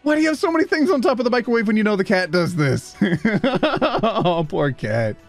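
A woman's voice: medium pitch, sing-song, moderate pace, faint music behind. A woman hosting a casual reaction video, laughing often and reacting to clips.

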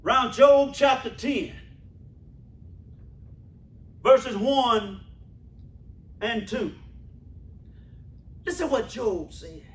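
A man preaching a sermon in a church, calling out to the congregation and repeating his phrases, swinging from shouts to hushed asides. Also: very high voice, expressive, slow, long pauses, echoey room, far from the mic. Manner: calls out to the congregation. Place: church sanctuary.

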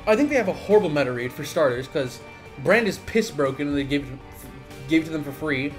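A man's voice: on the high side, animated, quick pace, soft background music. A young man making a gaming video, ranting in an agitated, profane way. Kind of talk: profane live-reaction rant.

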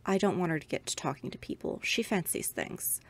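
A woman voicing a curt, uneasy elderly husband who speaks tersely and slowly in a ghost story reading. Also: fairly low pitch, animated, slightly rough.

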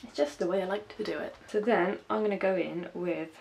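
A woman's voice: medium pitch, a little fast, gravelly, a little mellow, slight background noise. A young woman from the West Country with a light West Country accent, chatting casually through a makeup tutorial and narrating each step with self-deprecating asides. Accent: West Country English. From West Country, England. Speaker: makeup vlogger.

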